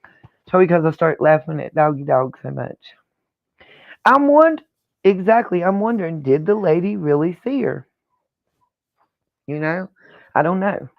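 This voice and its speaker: A woman's voice: lowish voice, lively intonation, normal speed, vocal fry, pauses often. Chatty opinionated woman, dull lo-fi sound. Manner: chatty, opinionated, thinks aloud. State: hiccuping. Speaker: host of a reaction channel. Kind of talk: casual commentary on a played clip.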